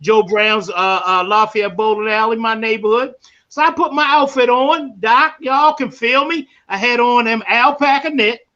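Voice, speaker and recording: A man hosting a live podcast, telling stories in an animated way that climbs into emphatic shouts. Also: very high-pitched, moderate pace, dull audio. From Baltimore. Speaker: podcast host. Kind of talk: live storytelling monologue.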